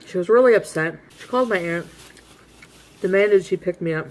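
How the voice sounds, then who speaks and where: A woman's voice: on the low side, a little fast. A woman vlogger casually telling a rambling story to her viewers at home, full of asides and little laughs. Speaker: vlogger host.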